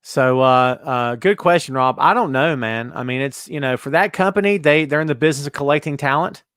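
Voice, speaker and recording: A man hosting a casual wrestling talk show, reading out viewer comments with sarcastic, animated commentary. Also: mid-range voice, brisk, smooth, dry recording, clean studio sound. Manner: sarcastic, animated, mocking put-on voices. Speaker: podcast host.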